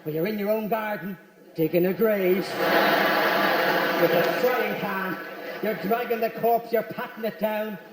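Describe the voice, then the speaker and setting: A man performing a stand-up comedy routine, telling stories rapidly and with animation, acting out little asides. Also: high voice, a bit bright, recorded from a distance. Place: large theatre stage. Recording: echoey hall with long reverb.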